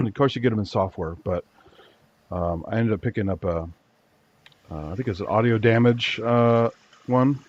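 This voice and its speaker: A man with a fairly low voice talking casually over a video call, hesitant and full of fillers. The audio is dull and lo-fi. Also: lively intonation, normal speed, a little mellow. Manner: hesitant, apologetic, lots of fillers. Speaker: co-host. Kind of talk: casual chat.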